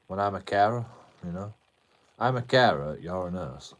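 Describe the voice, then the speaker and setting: A man's voice: deep voice, expressive, moderate pace, slight background noise. A British man live streaming, arguing with his chat in a combative tone, swearing a lot and repeating himself. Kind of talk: ranting at chat on a livestream.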